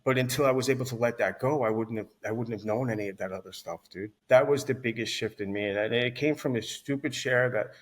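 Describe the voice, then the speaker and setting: Man, 30s, podcast guest; husky voice, blunt and profane, rambling candid storyteller. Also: mid-range voice, brisk, hardly any pauses, poor audio.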